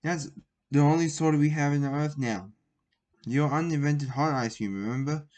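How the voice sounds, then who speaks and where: Male reader as cheeky young boy, storybook, halting. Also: a little high, a little mellow, natural voice. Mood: plain. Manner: halting read-aloud with restarts. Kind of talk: storybook reading.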